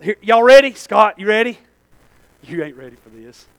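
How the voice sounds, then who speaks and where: A male pastor, preaching a sermon, swinging between loud shouting and low asides to the congregation. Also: animated, normal speed, creaky, clear, resonant tone, no echo.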